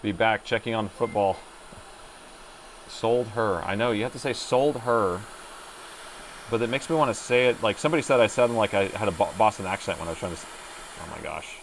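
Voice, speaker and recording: This is casual live-stream talk from a middle-aged man at an indoor repair bench, who chats, mutters to himself, and reasons aloud while working. His lowish voice comes rapid-fire over a little hiss or hum.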